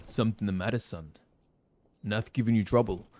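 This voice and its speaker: An actor playing an older male frontier villager, reading game dialogue aloud in a warm, unhurried storytelling manner with pauses. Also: lowish voice, close to an everyday voice. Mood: wistful.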